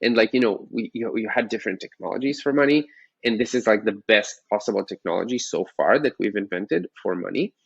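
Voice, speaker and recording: A man's voice: lowish voice, a little fast, creaky, husky, no room sound, dull audio. A man co-hosting a podcast, explaining ideas with enthusiasm and many fillers. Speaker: podcast co-host. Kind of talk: casual chat about finance.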